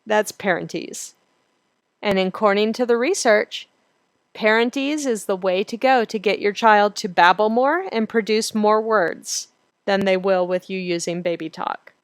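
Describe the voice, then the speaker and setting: A woman instructor explaining child language development in a clear, steady teaching voice. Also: medium pitch, measured pace, no echo. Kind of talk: recorded lecture.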